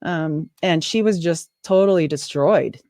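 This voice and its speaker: A woman with a low-sitting voice speaks at a measured pace, recorded in clean studio sound with no room sound. Appearing as podcast host or guest in a casual interview, she tells a long story animatedly, quoting people in lively voices.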